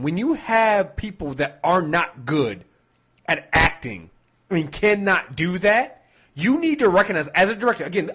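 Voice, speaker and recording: A man's voice: a little high, a bit bright, breathy edge. A man chatting casually as a film reviewer, emphatic and restarting his sentences often. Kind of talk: casual chat.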